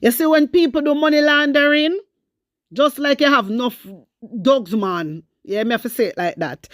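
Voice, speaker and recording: A woman's voice: high voice, moderate pace, no room sound, studio quality. A Jamaican woman hosting casual political commentary, switching between patois and English and speaking straight to her viewers. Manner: animated, mixes Jamaican patois and English, addresses viewers as wisdom warriors; reads news excerpts aloud.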